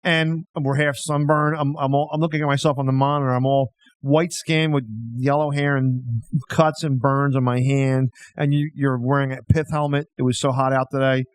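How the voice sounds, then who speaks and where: A man's voice: mid-range voice, flat delivery, normal speed, no room sound. A man hosting a comedy podcast, joking around in casual chat and often repeating words as he restarts. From Philadelphia. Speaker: podcast host.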